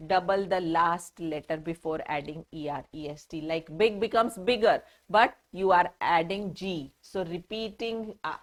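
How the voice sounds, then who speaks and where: A woman's voice: mid-range voice, fairly bright tone. A woman with an Indian English accent teaching a grammar lesson to children, patiently spelling words out letter by letter.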